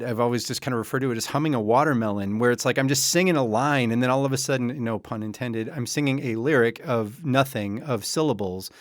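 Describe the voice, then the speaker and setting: A man's voice: medium pitch, dry recording. Chatty man host, dry close sound. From United States. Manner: chatty, loose storytelling. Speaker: podcast host. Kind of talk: casual interview talk.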